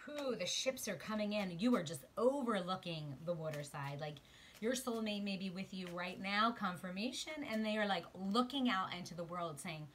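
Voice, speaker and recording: A woman giving a spiritual tarot reading to her viewers, emotional, shifting from quiet murmurs to excited exclamations. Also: mid-range voice, moderate pace, a little hiss or hum. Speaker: tarot card reader. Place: outdoors.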